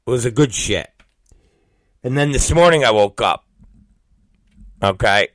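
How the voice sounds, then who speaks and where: Forty-something guy host, crude rambling story, slow drawn-out delivery, bright voice, bursts into shouts. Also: mid-range voice, animated, no echo. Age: 40s. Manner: vulgar, repetitive, bursts into shouted exclamations. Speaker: podcast host. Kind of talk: crude comedic monologue.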